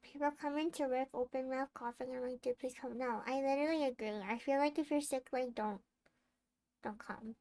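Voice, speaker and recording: A woman's voice: sits high, steady tone, moderate pace, darkish tone, no echo. A sleepy woman streamer chatting casually with her viewers, rambling and giggling, with lots of restarts.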